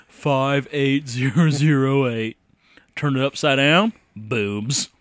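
A man's voice: medium pitch, takes it slowly, no echo. A man casually riffing on a movie with friends, crude and laughing often. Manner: crude, laughs often, breaks into goofy voices.

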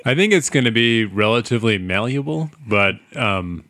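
A man's voice: mid-range voice, animated, moderate pace, fairly bright tone, no room sound, clean studio sound. A man co-hosting a casual podcast with wry, teasing remarks. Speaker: podcast co-host.

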